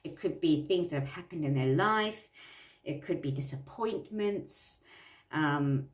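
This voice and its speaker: A woman's voice: deep voice, animated, a little slow, echoey room, far from the mic. A woman coaching listeners through a self-help worksheet in an earnest way, repeating phrases for emphasis.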